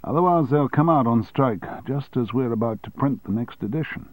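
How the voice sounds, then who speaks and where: A man reading an audiobook and voicing a calm, cautious male adviser who speaks in a measured way. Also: mid-range voice, dry recording, voice pushed up, close to an everyday voice.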